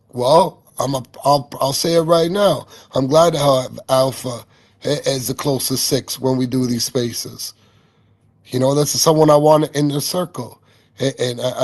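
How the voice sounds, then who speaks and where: A man's voice: medium pitch, darkish tone. A man talking in an online audio chat room, rambling with repeated words and swearing. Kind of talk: casual heated chat.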